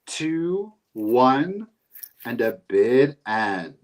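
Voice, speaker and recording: A man co-hosting a live sale who talks with lots of lift and swing in his pitch. He runs countdowns and congratulates buyers in an upbeat, casual way. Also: very slow. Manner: lively, upbeat, cheers on buyers. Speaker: co-host of a live vintage sale.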